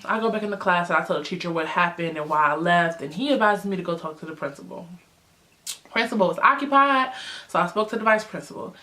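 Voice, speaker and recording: A young woman vlogger telling a story in a casual, chatty way, with lots of fillers, jumping high in pitch when she acts out what people said. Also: fast. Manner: animated, acts out quotes with big pitch jumps.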